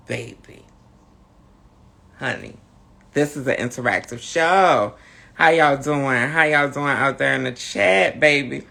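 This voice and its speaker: A camp, sassy host drawling through a casual live-stream chat, tired and low on energy. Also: male voice, slow, creaky, pushed and bright.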